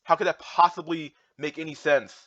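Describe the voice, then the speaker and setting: A man's voice: on the high side, steady tone, moderate pace, bright, forceful tone, no room sound. A young man in a heated, rambling rant, full of fillers and restarts. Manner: heated, repetitive, filler-heavy with many restarts. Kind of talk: ranting monologue reacting to charts. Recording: dull lo-fi dry sound.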